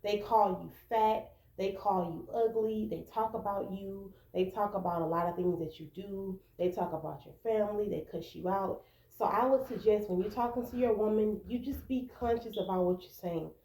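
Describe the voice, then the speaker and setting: A woman's voice: mid-range voice, normal speed, few pauses, dark tone, echoey room, poor audio. A woman vlogger talking to camera, giving earnest relationship advice and acting out quoted arguments. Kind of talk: casual advice talk to camera.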